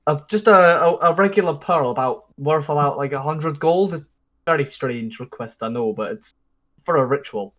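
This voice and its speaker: A young man playing a tabletop game, excitable, laughing and swearing often. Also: fairly high pitch, normal speed. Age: young adult. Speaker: player. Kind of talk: casual game chat.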